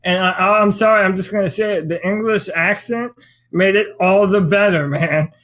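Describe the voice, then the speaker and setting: A man's voice: high voice, normal speed, fairly bright tone. A man co-hosting a sports podcast, drawling and emphatic with slangy banter. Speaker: podcast co-host.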